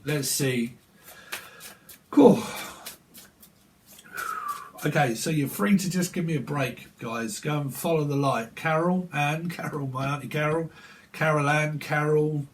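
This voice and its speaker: A man doing a casual psychic reading, rambling through names and laughing between thoughts. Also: mid-range voice. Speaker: tarot reader.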